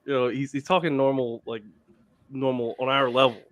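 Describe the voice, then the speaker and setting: A man's voice: mid-range voice, flat delivery, normal speed, fairly bright tone, no room sound. A man co-hosting a casual podcast chat, laughing through his points and repeating words. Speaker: podcast co-host.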